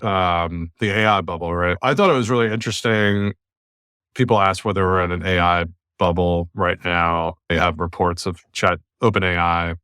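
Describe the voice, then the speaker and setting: Man from the US, podcast host, blunt and emphatic, low voice, dry sound. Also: fairly bright tone, clean tone, no room sound. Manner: blunt, emphatic, talks in long runs of argument. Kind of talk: opinionated casual podcast talk. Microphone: remote call.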